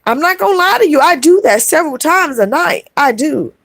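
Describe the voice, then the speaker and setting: Quick and high-pitched, with lively intonation and vocal fry, a middle-aged woman vlogger talks from the heart to her live chat. She calls them "y'all" and repeats herself for emphasis, with no room sound.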